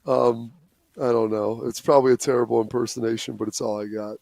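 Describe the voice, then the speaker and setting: Gravelly man telling a warm story. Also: mid-range voice, fairly quick, no echo. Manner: storytelling, animated, slips into quoted voices. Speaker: former football player, guest. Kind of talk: emotional remembrance on a talk show.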